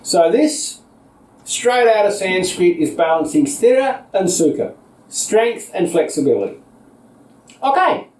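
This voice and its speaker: A high-pitched Australian man guides a seated yoga practice, with calm, patient instructions paced to inhales and exhales. His voice is picked up from across an echoey indoor room, so it sounds distant and roomy. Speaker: yoga teacher.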